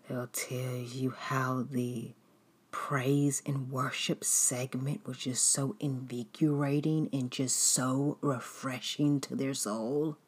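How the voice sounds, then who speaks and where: Slow, breathy woman preaching softly. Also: a bass voice. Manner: slow, soft, half-whispered and drawn-out. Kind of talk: sermon-style teaching.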